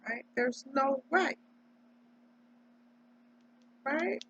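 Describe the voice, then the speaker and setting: A woman's voice: high-pitched, slow, fairly bright tone. A woman from Delaware giving an emphatic, preachy casual monologue, tagging her points with "right?". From Delaware, United States. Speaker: vlogger. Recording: dull lo-fi audio.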